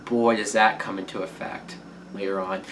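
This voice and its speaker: A man's voice: on the low side, flat delivery, moderate pace, fairly bright tone, slight background noise, rough recording. Candid, rambling male movie reviewer. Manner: candid, rambling, with casual swearing. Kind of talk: casual spoken film review.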